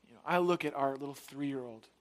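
A man's voice: medium pitch, brisk. A man in his thirties preaching a sermon, telling a family story and acting out the voices of his wife and little daughter. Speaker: pastor.

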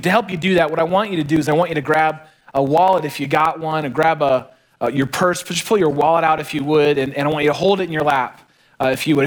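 A man, preaching a conversational sermon and telling family stories. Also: fairly high pitch. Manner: conversational, storytelling, varied emphasis. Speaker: pastor.

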